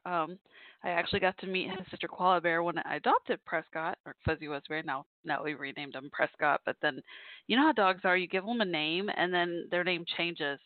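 A woman's voice: on the low side, dry recording. A woman hosting a call-in podcast, chatting in a rambling way with fillers and asides. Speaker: podcast host and call-in show DJ. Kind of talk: casual solo podcast talk. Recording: dry tinny phone-like line.

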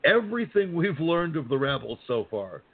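Animated man with a tinny phone-like sound. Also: on the high side, normal speed, slightly rough. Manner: animated, profane, acts out quotes. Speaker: podcast co-host. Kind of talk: casual chat.

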